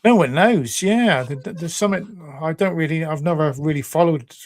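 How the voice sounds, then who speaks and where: A man's voice: a little high, normal speed, no echo. A man from the UK co-hosting a casual livestream chat, rambling and trailing off. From United Kingdom. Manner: rambling, trails off, lots of fillers. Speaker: co-host of a toy collectors livestream.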